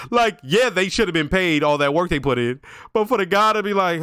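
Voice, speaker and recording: Man reviewer, slangy casual commentary, a bit higher voice, dry close sound. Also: moderate pace, smooth, no room sound. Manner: casual slangy talk, reflective and animated. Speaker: show reaction reviewer.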